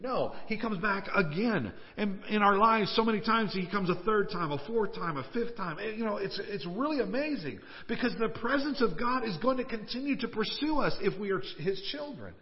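A pastor delivering a conversational, emphatic sermon in a church. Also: male voice, high-pitched, animated, a little fast. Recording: reverberant hall, dull lo-fi sound.

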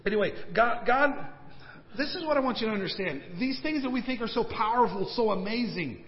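A man preaching a sermon as pastor, swinging between raised, emphatic questions and hushed, slowed asides. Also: very high voice, lively intonation. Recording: long church-hall reverb, dull lo-fi sound.

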